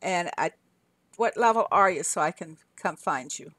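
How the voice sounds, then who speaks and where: An older woman with a Southern US accent from Arkansas hosts a game stream, laughing a lot and talking back to her chat. Her fairly low, a bit bright voice has lively intonation at normal speed, recorded dry.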